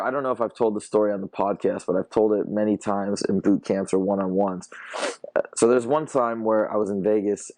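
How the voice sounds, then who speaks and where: Young guy podcast host, low voice, easygoing, laughs a lot, repeats himself, super dry close mic. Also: darkish tone, no echo. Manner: laid-back, laughs often, repeats words. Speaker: dating coach podcast host. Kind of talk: casual podcast monologue.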